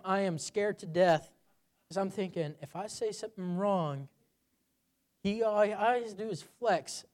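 Emphatic preacher man. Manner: builds to loud emphatic peaks, then drops low. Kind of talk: sermon.

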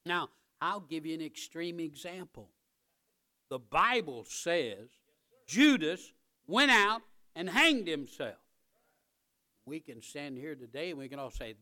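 A man preaching a church sermon in a slightly high, bright and forceful voice. He hammers phrases home by repeating them and swells to loud, driving peaks. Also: big pitch swings, slow pace. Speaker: pastor.

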